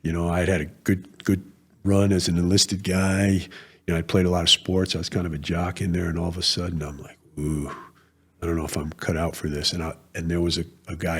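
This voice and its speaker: A man's voice: low-pitched, husky. An older man from New England, a retired Marine colonel, telling rambling stories in a casual interview, with frequent restarts.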